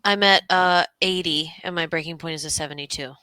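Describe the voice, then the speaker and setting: A woman playing a tabletop game, quietly describing what her character does. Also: deep voice, brisk, clear, resonant tone, no room sound. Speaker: player.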